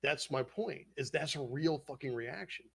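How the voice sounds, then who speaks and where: A man's voice: mid-range voice, normal speed, gravelly, slightly rough. A man hosting a podcast, casually swearing as he eagerly retells an anime plot. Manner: profane, animated storytelling retelling scenes. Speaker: podcast host.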